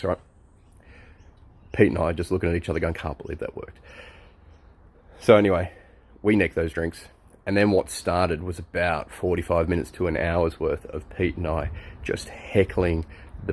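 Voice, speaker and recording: A man's voice: deep voice, fairly even intonation, normal speed, darkish tone. A man in his forties with an Australian accent, telling a long, rambling anecdote to a friend, chuckling and full of fillers. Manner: chuckling, loose storyteller with many fillers. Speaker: friend giving a birthday message.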